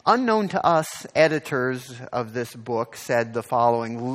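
A man preaching a sermon in a conversational way, often asking his listeners questions and reading passages aloud slowly with emphasis. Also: medium pitch. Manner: conversational, asks the congregation questions, frequent "right?". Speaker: pastor.

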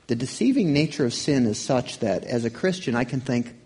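A man's voice: mid-range voice, animated, fairly quick, darkish tone, breathy edge. A man preaching a sermon in a conversational way, asking his listeners questions. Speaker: pastor.

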